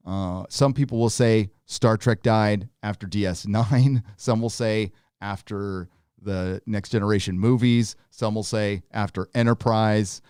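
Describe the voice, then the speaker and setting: A man hosts a live review show in a loose, sarcastic way, full of laughs and fillers. His voice sits fairly low. The sound is dry, with no room echo. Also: a little mellow. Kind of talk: live casual review commentary.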